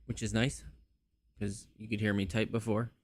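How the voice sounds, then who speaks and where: A man's voice: lowish voice, flat delivery, normal speed, no room sound. A man hosting a livestream, casually muttering to himself as he adjusts his microphone settings. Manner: muttering to himself while tweaking mic settings. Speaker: livestream host. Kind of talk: casual streaming chat.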